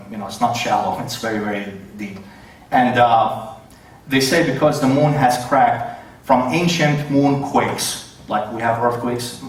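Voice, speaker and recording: A man at a mid pitch gives a debate talk, stumbling often and correcting himself as he goes. His voice rings around a very echoey hall and sounds set back from the microphone. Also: recorded from a distance, slight background noise. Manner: hesitant, many fillers and self-corrections. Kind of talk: debate presentation with slides. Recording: very echoey hall, voice away from the mic.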